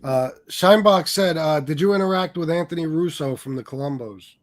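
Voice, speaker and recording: A man's voice: a little high, normal speed. A man hosting a casual interview, cutting in with short apologetic questions and brief responses. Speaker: host.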